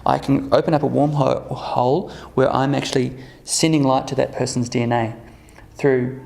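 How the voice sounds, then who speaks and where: A man's voice: mid-range voice, flat delivery, moderate pace, gravelly, darkish tone, echoey room. A man giving a casual workshop talk to a live group, keeping it conversational and checking in with the listeners through frequent "okay?" and "right?" asides. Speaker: workshop presenter.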